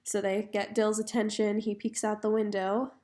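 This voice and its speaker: A young woman retells a story in a relaxed, conversational way, dropping in fillers as she goes. Her voice sits at an ordinary middle pitch for a woman. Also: normal speed. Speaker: reader retelling a graphic novel.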